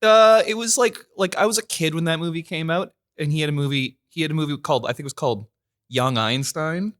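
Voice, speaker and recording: Deadpan comedian man trading quips. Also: fairly high pitch, quick pace. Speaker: comedian guest. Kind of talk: casual comedic chat.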